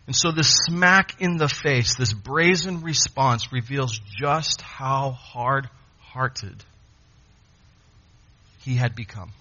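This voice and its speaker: Emphatic preacher man, slow and husky. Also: medium pitch, bright, forceful tone, highs cut off. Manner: emphatic, dramatic pauses. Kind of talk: sermon.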